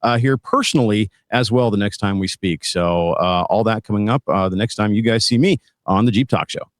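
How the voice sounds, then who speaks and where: A man co-hosting a podcast, talking casually in a halting way, repeating words and using many fillers. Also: fairly low pitch, no room sound, studio quality. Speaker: co-host. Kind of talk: casual chat.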